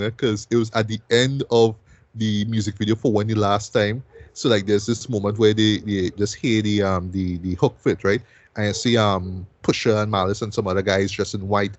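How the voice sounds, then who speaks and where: A man's voice: fairly low pitch, no room sound. A man hosting a music review show, talking loosely and casually and ending most sentences with "right?".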